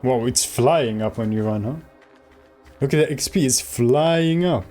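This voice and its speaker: A man playing a video game for the first time and commenting as he goes, reacting aloud with excitement. His voice sits at an ordinary mid pitch, and faint game music plays behind him. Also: measured pace. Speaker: gamer. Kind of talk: let's play commentary.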